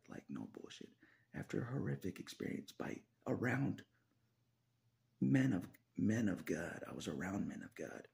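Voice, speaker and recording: Male vlogger: very low, gravelly voice, wildly swinging pitch, frequent laughs and whispered asides. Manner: laughs often between phrases, swears, drops into whispers. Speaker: video blogger. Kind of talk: casual confessional monologue.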